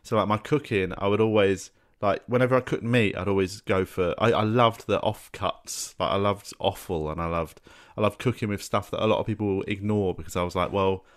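Chill guy on a podcast, a bit low, swears here and there, just yarning away. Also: fairly quick. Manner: relaxed storytelling, swears casually. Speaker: podcast guest. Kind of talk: casual chat.

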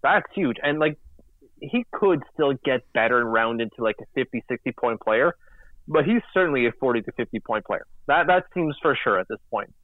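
A man co-hosting a casual sports podcast, chatty and animated, acting out quotes in silly voices. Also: medium pitch, a little fast, dry recording. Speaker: podcast co-host. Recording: tinny phone-like line.

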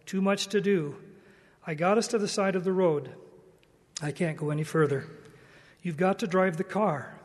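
A man reading the part of a sick old grandfather who speaks slowly, softly and weakly. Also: high-pitched, big-room sound, natural voice. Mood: weak, gentle. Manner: slow, weak and soft. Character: weak, sick old grandfather, gentle and calm.

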